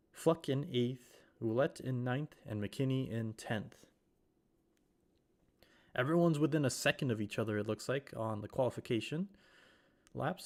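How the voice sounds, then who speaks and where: A man on a live stream calls a sim race while still getting over a cold. He rambles casually, corrects himself often and fills his pauses with lots of "uh" and "um". His voice sits at an ordinary middle pitch. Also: darkish tone. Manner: rambling, self-correcting, with many fillers. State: recovering from a cold. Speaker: sim racing commentator.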